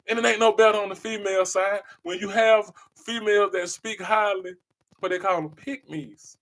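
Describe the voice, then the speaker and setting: Emphatic, preachy man with a high voice. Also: expressive, fairly quick, fairly bright tone. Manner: emphatic, preachy, repeats key phrases. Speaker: podcast host. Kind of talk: passionate podcast monologue.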